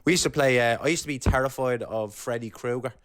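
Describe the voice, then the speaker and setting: Irish male co-host, young, rambling and jokey, mid-pitched. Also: fast talker, fairly bright tone, slight background noise. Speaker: podcast co-host. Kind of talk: casual chat.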